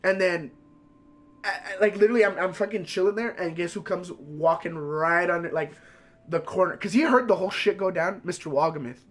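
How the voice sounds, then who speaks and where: A streamer with a high male voice tells a story loosely, swearing constantly. His delivery is animated and rambling, packed with fillers. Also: a little fast. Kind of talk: casual storytelling.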